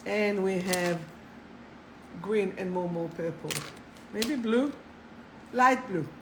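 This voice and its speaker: A woman hosting a live spiritual talk, chatty and animated, swearing casually and laughing at herself. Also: mid-range voice, takes it slowly, noisy background. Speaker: spiritual coach and live show host.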